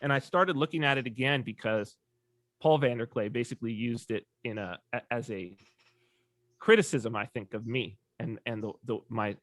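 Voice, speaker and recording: A man talking as a podcast guest in casual conversation, an animated storyteller who acts out quoted voices. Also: medium pitch, moderate pace, dry recording.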